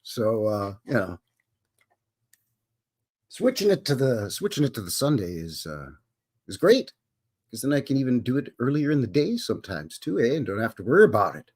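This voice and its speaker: A man's voice: mid-range voice, big pitch swings, moderate pace, long pauses, darkish tone. A middle-aged man with a Western Canadian accent, hosting a casual live stream and greeting viewers in a folksy way.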